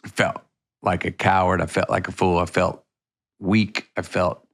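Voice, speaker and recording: A man's voice: sits low, flat delivery, measured pace, a bit bright. A middle-aged man from Texas, a podcast guest telling a personal story in a rambling, vivid way with many restarts.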